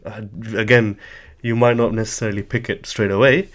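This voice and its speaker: A man's voice: fairly low pitch, fairly even intonation, fairly quick. A man teaching a language lesson, explaining patiently and methodically, often hedging with "sort of" while he writes examples on a board.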